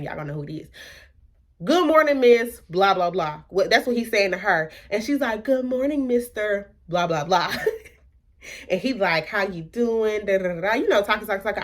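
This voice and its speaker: A young woman recounts a personal drama to her viewers, animated and talkative. She keeps asking rhetorical questions and acts out what everyone said. Her voice sits in a middle range for a woman. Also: mid-range voice. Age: young adult. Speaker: vlogger. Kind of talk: storytime vlog.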